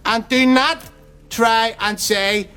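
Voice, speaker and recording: A man's voice: very high-pitched, steady tone, takes it slowly, pushed and bright, clear, resonant tone. A man hosting a comic radio show, teasing his guest in a cheeky, childish way.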